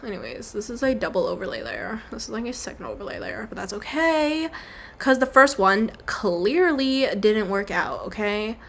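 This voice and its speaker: A woman's voice: on the high side, big pitch swings, moderate pace, creaky. A young woman chatting casually while she draws on a stream, rambling, apologizing and slipping into silly voices. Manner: rambling, self-deprecating, breaks into silly voices.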